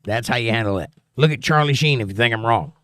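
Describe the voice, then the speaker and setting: Speaking fast in a smooth, fairly bright, medium-pitched voice, a Southern-accented man hosts a casual political livestream. He reads out viewer comments and adds wry, joking asides, recorded at studio quality without echo.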